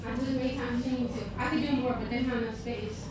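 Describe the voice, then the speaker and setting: A young woman with a Southern accent, a content creator telling her story in a chatty, excitable way, full of "like". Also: a little high, racing, background noise. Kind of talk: casual vlog storytelling. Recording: echoey, distant mic.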